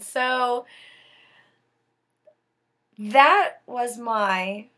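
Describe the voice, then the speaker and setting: A woman's voice: fairly high pitch, drawn-out words, long pauses, fairly bright tone. A young woman telling a personal story to her viewers in an earnest, emphatic way. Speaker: vlogger.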